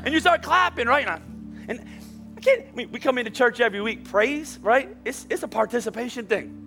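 High-voiced man preaching a lively sermon. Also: a little fast, vocal fry, music in the background. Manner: animated, shifting from quiet storytelling to shouting. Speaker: pastor. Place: church sanctuary.

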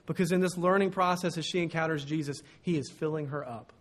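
A man preaching a sermon as pastor, animated and storytelling, acting out what people said. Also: fairly high pitch, quick pace. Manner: storytelling, animated, acts out quotes.

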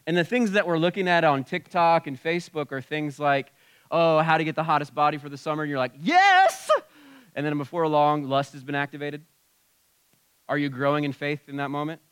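A man's voice: on the high side, clear, resonant tone, dry recording. A pastor preaching a conversational sermon in a church, often dropping and raising his voice. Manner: conversational preaching with shifts in loudness. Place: church sanctuary.

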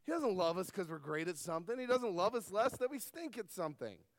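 Middle-aged male pastor, high pitch, emphatic sermon delivery, dry close sound. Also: sing-song, a little fast, no room sound. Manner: emphatic preaching that swings between loud stresses and soft asides.

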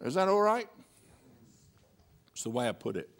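A man's voice: medium pitch, sing-song, normal speed, a bit bright. A male pastor preaching a sermon, reading scripture and joking with a chuckle between verses.

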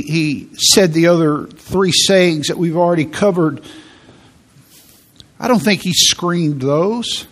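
A male pastor delivers a sermon at an unhurried, deliberate pace. His voice sits slightly high for a man, and he speaks earnestly, restating words as he works through his point. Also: a bit bright. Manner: earnest, repeats words while preaching.

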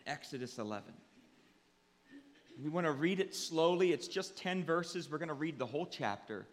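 A man preaching a sermon as pastor, earnest and deliberate, swelling to emphatic peaks and then sinking low and quiet. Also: lively intonation. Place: church sanctuary. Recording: long church reverb.

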